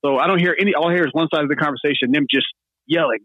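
A man hosting a podcast, telling a story in a casual, animated way and acting out what others said. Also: a little high, racing, no echo, phone-quality sound. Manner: animated, laughing storyteller, acts out quotes. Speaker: podcast host.

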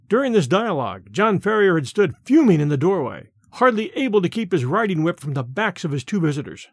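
A man hosting and narrating a classic story aloud with an expressive, dramatic reading. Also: a little high, a little fast, breathy edge, dry recording, studio quality. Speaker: host and narrator. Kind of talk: audiobook narration.

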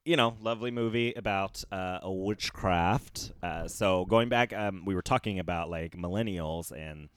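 A man's voice: sits low, normal speed, hardly any pauses, clean tone, no room sound, studio quality. A young man hosting a casual podcast, rambling with frequent fillers and restarts and chuckling often. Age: young adult. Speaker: podcast host.

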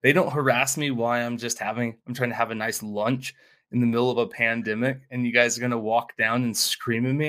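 A man's voice: mid-range voice, steady tone, fairly quick, fairly bright tone. A man co-hosting a casual political podcast, talking bluntly with swearing and often acting out quoted voices with a laugh. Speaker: podcast co-host. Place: small mountain town home studio.

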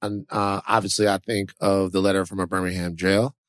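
A co-host in a casual discussion, relaxed and joking. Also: sits low, fairly quick, dry recording, clean studio sound.

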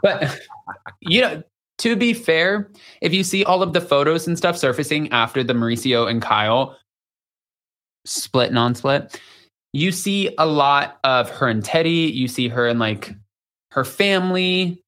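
A man's voice: fairly high pitch, measured pace. A man in his thirties from Austin, Texas, a guest on a podcast, chatting casually and acting out quoted voices as he tells stories. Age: 30s. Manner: animated storyteller who acts out quoted voices. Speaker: podcast guest, magazine writer. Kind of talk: casual pop-culture chat.

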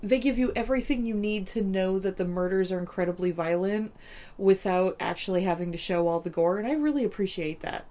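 A woman's voice: medium pitch, fairly quick, warm tone. Blunt, wry woman chatting about a film. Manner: blunt, wry, swears freely. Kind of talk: casual movie recap chat.

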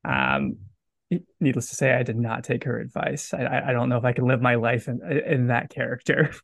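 A man's voice: medium pitch, a little fast, creaky, no echo, studio quality. A man with a Southern US accent hosting a casual podcast chat in a joking, self-deprecating way. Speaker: podcast host.

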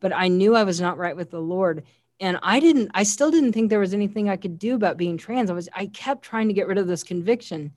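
A woman's voice: medium pitch, expressive, a little fast, darkish tone, no room sound. A woman giving an earnest, heartfelt faith testimony as an interview guest, often quoting scripture. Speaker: guest sharing a personal testimony.

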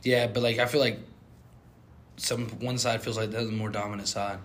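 A young man co-hosting a casual chat, animated and prone to sudden loud outbursts. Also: on the low side, moderate pace. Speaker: co-host.

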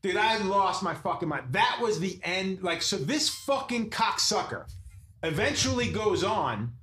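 A man's voice: high-pitched, lively intonation, a little slow, sharp tone. A man telling a profane story on a podcast, acting out quotes and swearing constantly. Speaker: tattoo artist telling a story. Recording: roomy echo with faint noise.

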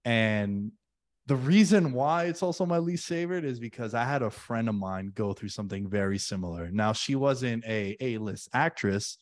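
A man's voice: medium pitch, lively intonation, normal speed, no echo. A man co-hosting a casual rewatch podcast, earnest and chummy, talking about friendship. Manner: earnest and chummy, says "dude" and "man" a lot. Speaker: podcast co-host.

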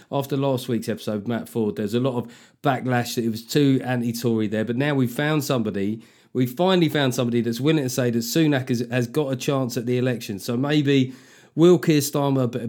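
Man, podcast host, casual chat, sweary self-mocking asides, middle pitch. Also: a little mellow.

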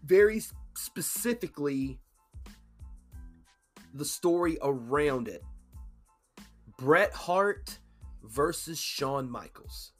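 A man's voice: on the high side, expressive, takes it slowly, long pauses, faint music behind. Loose, swearing male podcast host. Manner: loose, swearing, acts out quoted lines. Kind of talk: casual podcast chat.

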